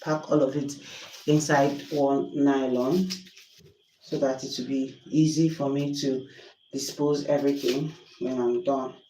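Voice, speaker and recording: A woman's voice: a bass voice, steady tone, a little slow, warm tone, roomy sound, recorded from a distance, slight background noise, rough recording. A Nigerian woman chatting on a livestream while cooking at home, exasperated and apologetic. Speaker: livestream host. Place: home kitchen.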